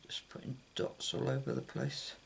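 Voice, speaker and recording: A man's voice: mid-range voice, big pitch swings, moderate pace, creaky, slight background noise. A man hosting his own craft channel, chatting loosely while making a card and sometimes losing his train of thought. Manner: chatty, rambling, loses track mid-thought. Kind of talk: casual card-making demonstration.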